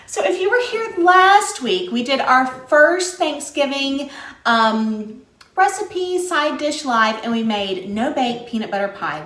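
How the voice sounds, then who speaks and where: Cooking live for her viewers, a West Virginia woman chats in an upbeat, laugh-filled way, her voice somewhat high and a touch bright. The room around her gives the audio an echo.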